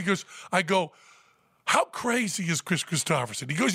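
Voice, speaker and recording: Gravelly bright guy spinning a story on a podcast, laughs a lot, dry sound. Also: moderate pace, no room sound. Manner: animated storyteller, bursts into high laughter. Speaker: podcast host. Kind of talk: storytelling in casual chat. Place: Las Vegas.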